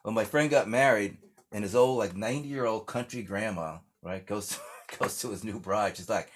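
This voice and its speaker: A man's voice: fairly low pitch, normal speed. Older man telling rambling stories. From United States. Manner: rambling storyteller, many restarts and fillers. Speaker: singer-songwriter guest. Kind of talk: casual interview chat.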